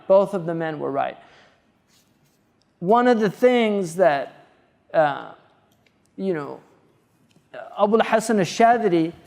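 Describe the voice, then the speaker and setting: A man giving a religious lecture, reading Arabic quickly and then explaining it in English with many fillers and restarts. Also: sits high, mellow, big-room sound. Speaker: Islamic scholar lecturing.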